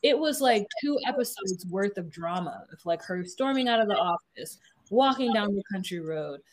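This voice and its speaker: A woman's voice: medium pitch, animated, moderate pace. A woman co-hosting a podcast, chatting casually and telling stories in a wry, meandering way. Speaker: podcast co-host. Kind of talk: casual chat recapping a reality show.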